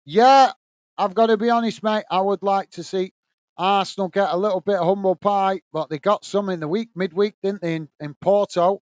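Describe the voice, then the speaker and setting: A man from the UK hosts a live football watch-along, giving a steady running commentary on the match. His voice sits a little high and sounds smooth and clear. The recording is dry and close, with no room sound. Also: a little fast, no echo. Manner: steady play-by-play, lifts pitch when greeting viewers.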